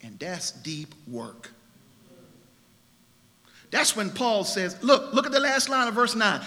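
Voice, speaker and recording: Man preaching a sermon, lively swinging voice, going soft then loud, big echoey church. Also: high voice, takes it slowly. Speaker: pastor.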